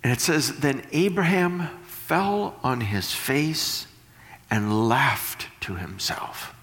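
A man preaching a sermon, reading scripture slowly and then paraphrasing it in animated bursts. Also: mid-range voice, long reverb tail.

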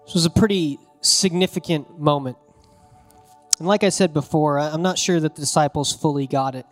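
A pastor preaching a conversational sermon, telling the story casually and animatedly with bits of slang. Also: male voice, fairly high pitch, fairly quick, soft background music.

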